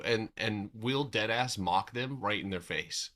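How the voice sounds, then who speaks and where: A man's voice: on the low side, normal speed, few pauses, sharp tone. A man from the United States hosting a trading livestream in loose, slangy chat, swearing and laughing often.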